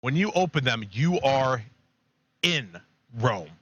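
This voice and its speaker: Bright-voiced man retelling myths casually. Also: mid-range voice, slow, highs cut off. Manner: rambling, animated retelling with laughs. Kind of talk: casual chat, storytelling.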